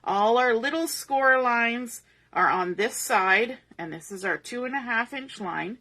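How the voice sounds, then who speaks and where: Bright-voiced woman teaching a card craft. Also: a little high, animated, a little slow. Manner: patient, methodical, talks through each step. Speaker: papercraft instructor. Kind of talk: step-by-step crafting tutorial.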